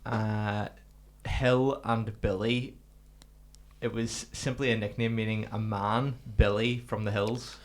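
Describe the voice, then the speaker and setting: A man reading out search results on a podcast, haltingly and stumbling on words. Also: fairly low pitch, flat delivery, slight background noise.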